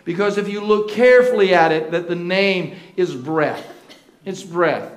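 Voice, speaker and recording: High-voiced preacher in an echoing sanctuary. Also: male voice. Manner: call-and-response with the congregation; swings between slow shouted emphasis and soft, breathy asides. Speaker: pastor. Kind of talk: sermon. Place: church sanctuary. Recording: roomy echo of a church hall.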